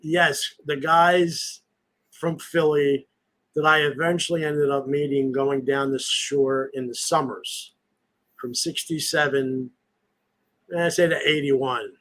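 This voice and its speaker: A man's voice: on the high side, fairly even intonation, slow pace, fairly bright tone, poor audio. A man in his sixties hosting a podcast, rambling through nostalgic stories in casual chat. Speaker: podcast host.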